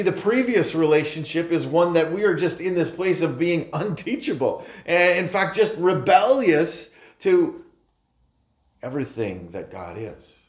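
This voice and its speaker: A man preaching a sermon as pastor, earnest, stressing key phrases and then letting his sentences fall soft. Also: medium pitch. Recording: roomy echo.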